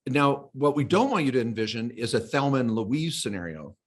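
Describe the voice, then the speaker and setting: Animated husky-voiced male podcast co-host. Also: mid-range voice, a little fast. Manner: animated storyteller, acting out quoted voices. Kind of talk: casual podcast chat.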